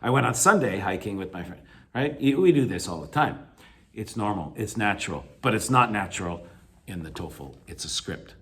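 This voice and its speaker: A man's voice: fairly low pitch, animated, moderate pace, a bit bright. A man teaching a recorded video lecture, explaining with many fillers and self-corrections and stressing key points. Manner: emphatic, encouraging. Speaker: English teacher.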